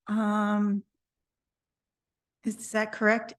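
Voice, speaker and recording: A woman chairing a city council meeting, hoarse and losing her voice, reading out procedure with deliberate care. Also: mid-range voice, recorded from a distance. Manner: deliberate, reads out legal citations.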